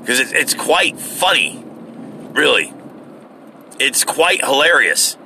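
An American man who rambles casually and loosely, with many fillers and frequent swearing. His voice is very bright and sharp. A faint hum of ambient noise sits under his talk. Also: mid-range voice, big pitch swings, slow. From United States.

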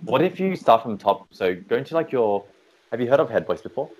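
A man's voice: mid-range voice, very animated, a little fast, a little mellow, a little hiss or hum. A man coaching a singing lesson over a video call, upbeat and encouraging in a chatty way. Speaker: vocal coach.

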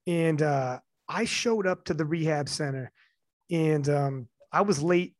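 Slightly high-voiced man telling a story. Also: measured pace, darkish tone, dry recording, clean studio sound. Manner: candid, emotional storytelling with frequent swearing. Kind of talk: casual chat.

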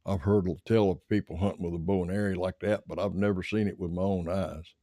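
Guy voicing a young confederate soldier, deep, folksy drawl, dry sound. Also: fairly even intonation, fairly quick, warm tone, no room sound.

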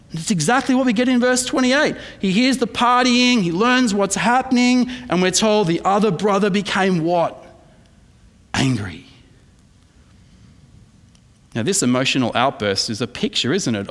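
A man's voice: sits high, in a large hall. A man with an Australian accent preaching an emphatic sermon as pastor, asking the congregation questions.

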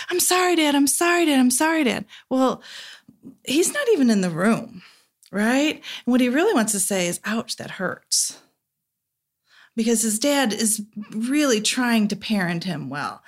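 A woman, a therapist, talking through an idea in a relaxed podcast chat, now and then acting out quoted voices softly. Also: a little high. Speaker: therapist guest. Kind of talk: casual podcast conversation.

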